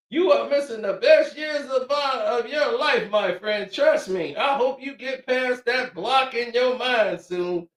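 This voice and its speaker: A man's voice: extremely high pitch, takes it slowly. A man doing comedic commentary, laughing often and reading quotes in mocking voices. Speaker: commentary streamer. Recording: echoey room, far from mic.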